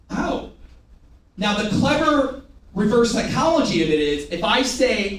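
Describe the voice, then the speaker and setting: High-voiced man leading energetic sales training. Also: moderate pace. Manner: energetic, call-and-response with the audience; teasing, loud bursts. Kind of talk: live sales training talk. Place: large training room before an audience. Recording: echoey room recorded from far off.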